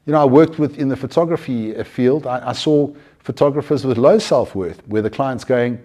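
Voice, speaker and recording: A man giving an earnest, conversational talk on mindfulness, animated and often restarting his sentences. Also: medium pitch, normal speed. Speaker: mindfulness speaker.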